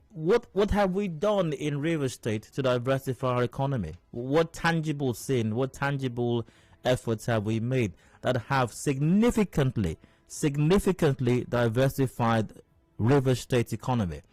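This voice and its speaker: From a radio studio, a man hosting a talk radio show offers wry, rhetorical commentary, repeating phrases for emphasis. His medium-pitched voice is animated and darkish at a moderate pace, captured in a dry recording.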